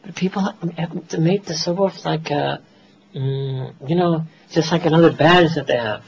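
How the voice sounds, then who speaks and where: A man's voice: fairly high pitch, a little fast, gravelly, fairly bright tone, slight background noise, low-quality recording. A man with an American accent giving a religious lecture to a gathering, conversational, slipping into Urdu phrases and laughing at his own asides. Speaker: Islamic teacher.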